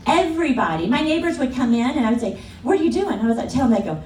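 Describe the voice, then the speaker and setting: A middle-aged woman delivers a keynote in a large conference hall, her high, darkish, sing-song voice swooping and leaping as she tells her story quickly. She acts out the people she quotes and laughs along. The sound is distant and echoey, with a faint hum of room noise.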